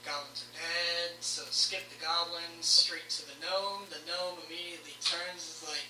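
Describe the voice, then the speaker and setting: A woman's voice: on the low side, steady tone, normal speed, sharp tone. A woman running a tabletop game as game master, narrating rolls in a matter-of-fact way. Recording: echoey room from far off, background noise.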